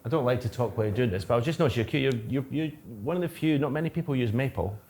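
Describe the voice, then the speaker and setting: A middle-aged man hosting a relaxed chat at a snooker table, laughing easily and chiming in with short replies. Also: medium pitch, rapid-fire. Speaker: host. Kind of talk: casual chat. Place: snooker room.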